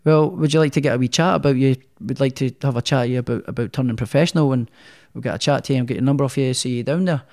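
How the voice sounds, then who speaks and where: A man's voice: mid-range voice, rapid-fire, few pauses, a little mellow, lightly acted. A man putting on an Irish accent to voice a friendly man calling him on the phone. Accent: attempted Irish.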